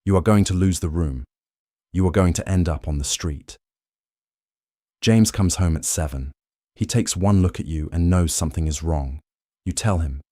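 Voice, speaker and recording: Deep dark-voiced male sleep narrator. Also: normal speed, no echo, studio quality. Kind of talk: second-person sleep story narration.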